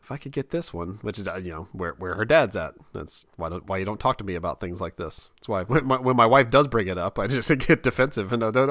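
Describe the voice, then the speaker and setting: A man's voice: fairly low pitch, animated, quick pace, few pauses, fairly bright tone, no room sound, studio quality. A man in his thirties chatting casually on a podcast, laughing often, stumbling over restarts and slipping into exasperated put-on voices. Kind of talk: casual comedic chat.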